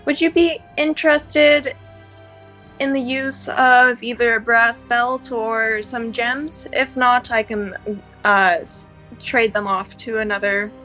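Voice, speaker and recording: A woman with a bright, crisp voice, playing a tabletop role-playing game. She talks with hesitant fillers over faint music. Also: a little high, fairly even intonation, slow pace, rough recording. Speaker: player. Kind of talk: tabletop role-play chat.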